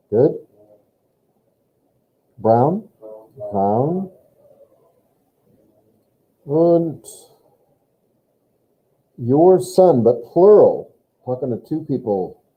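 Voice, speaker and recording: Slow, patient German teacher, tinny line. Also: male voice, medium pitch, breathy edge. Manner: patient, explains grammar step by step. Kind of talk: online language lesson.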